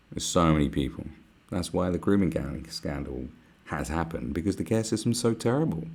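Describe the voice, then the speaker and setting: A man hosting a podcast, delivering a profane, animated ranting monologue and mocking other people's voices. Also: extremely low pitch, creaky, husky. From United Kingdom. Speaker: podcast host.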